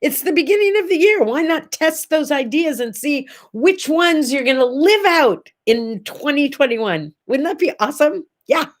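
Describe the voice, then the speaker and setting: Hosting a relaxed morning chat show, a middle-aged woman speaks directly to her camera in a fairly high voice. She gushes and rambles at a moderate pace with few pauses, often slipping into small asides.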